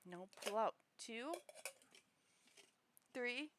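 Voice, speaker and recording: A woman's voice: fairly high pitch, animated, very slow, background noise. A young woman streaming, chatting casually with lots of giggles and fillers. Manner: giggly, filler-heavy rambling. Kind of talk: casual chat on a livestream.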